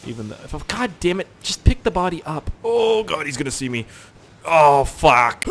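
A man's voice: mid-range voice, expressive, moderate pace, a bit bright. A young man casually commentating a video game, goofy and joking, swearing freely. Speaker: gaming channel host. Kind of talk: casual let's play commentary.

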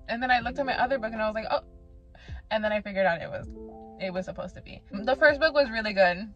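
A woman's voice: a little high, fast, a bit bright. A woman reviewing books in a casual vlog chat, rambling and acting out her own past reactions. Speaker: book reviewer. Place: away from her home. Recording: slightly muffled, with background music.

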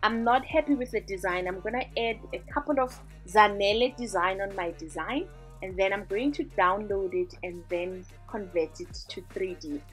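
Faint music plays behind a woman's mid-range, fairly bright voice as she guides viewers step by step through a design tutorial at a moderate pace. Her screen-recording voice-over is cheerful and conversational.

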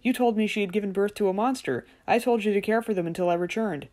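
A woman's voice: mid-range voice, fast, mellow, pitched above the performer's own voice, close to an everyday voice. A woman reading the part of a young prince in a fairy tale, urgent and commanding.

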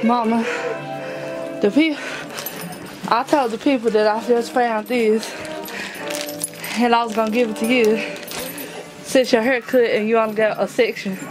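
A woman's voice: a little high, fairly even intonation, unhurried, long pauses, music in the background, rough recording. A woman in her twenties, chatting casually to her viewers in a loose vlog style. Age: 20s. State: out of breath at times. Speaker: vlogger.

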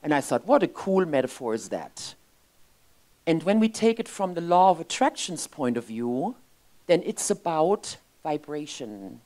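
A woman in her fifties giving an emotional, expressive inspirational sermon as a spiritual speaker in a church. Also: deep voice, unhurried. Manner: expressive, emotional, lively storytelling. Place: church sanctuary.

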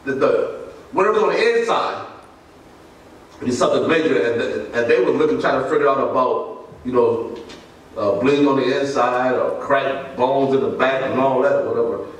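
Storytelling pastor in an echoey church. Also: male voice, mid-range voice, moderate pace, far from the mic. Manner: storytelling, laughing, acting out dialogue. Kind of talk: sermon testimony. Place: church sanctuary. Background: congregation responses.

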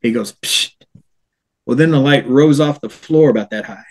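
A man's voice: medium pitch, brisk, a little mellow. A man, a paranormal investigator, telling a ghost-tour story in casual chat and acting out the people he quotes.

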